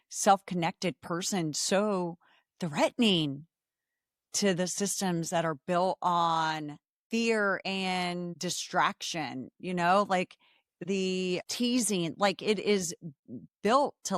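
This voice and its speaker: Slow-spoken woman podcast host. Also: fairly low pitch, no echo, studio quality. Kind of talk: casual conversation.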